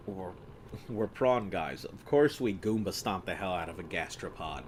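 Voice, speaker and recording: A rather low-voiced American man talks his way through a game session, rambling and chatty, amused by his own remarks. A faint hum of room ambience sits under his voice. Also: expressive, a little slow. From United States. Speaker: streamer. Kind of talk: casual gameplay commentary.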